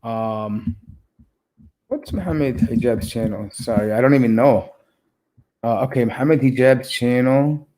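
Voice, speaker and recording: A man's voice: medium pitch, measured pace, pauses often, dark tone. A man hosting a live reaction stream, talking casually with a mocking, rambling manner and many fillers. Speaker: reaction video host.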